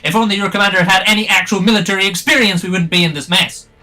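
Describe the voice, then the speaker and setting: A man voicing a stern male army officer who speaks formally and shouts accusations. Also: high-pitched, fast, pitched above the performer's own voice. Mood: indignant.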